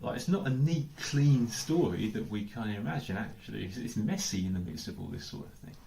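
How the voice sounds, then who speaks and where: A man's voice: on the low side, expressive, a little fast, vocal fry, warm tone, slight background noise. An English man giving a sermon as pastor, thinking aloud with lots of questions and repeated "I don't know"s. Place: church hall. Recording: echoey church hall.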